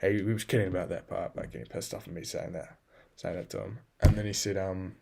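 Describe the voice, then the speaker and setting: Male journal vlogger, lowish voice, blunt and profane, self-critical. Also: fairly even intonation, fast, gravelly, darkish tone, husky. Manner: scolds himself in the second person. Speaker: video journal keeper. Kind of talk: casual self-talk journal.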